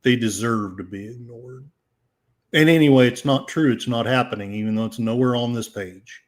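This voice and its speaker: An older podcast host rambles sarcastically over the headlines, filling his talk with frequent fillers. His voice is medium in pitch and moves at a normal speed.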